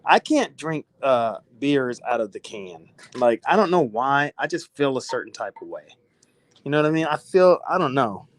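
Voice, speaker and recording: A man's voice: mid-range voice, very animated, normal speed. A middle-aged man casually chatting on a phone live stream while walking around his house, loose and profane, laughing often.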